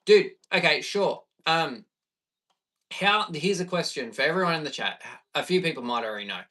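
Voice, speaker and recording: An Australian man in his thirties, a bass player chatting easygoing with viewers on a live stream. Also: expressive, moderate pace, bright, forceful tone, distant mic. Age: 30s. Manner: chatty and easygoing, reading viewer questions aloud.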